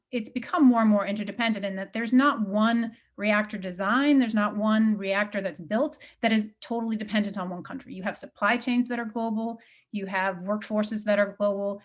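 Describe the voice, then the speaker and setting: A woman speaking as a panelist in a discussion, halting and restarting often. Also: medium pitch.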